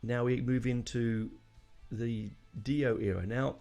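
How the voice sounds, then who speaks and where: A man's voice: mid-range voice, steady tone, slow pace, dark tone. A man hosting a casual music podcast, rambling and emotional, with lots of fillers and restarts. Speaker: podcast host.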